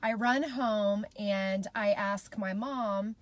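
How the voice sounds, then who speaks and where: A woman's voice: mid-range voice, slow. A woman in her thirties tells a childhood story to her camera as a mom vlogger. Her voice sits in an ordinary middle register. She sounds casual, chatty and heartfelt, and she speaks right to her viewers.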